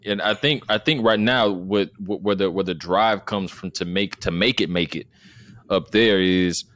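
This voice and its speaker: A man's voice: low voice, normal speed, a bit bright, no room sound, studio quality. A man from the United States in casual conversation, emphatic, asking rhetorical questions and repeating words.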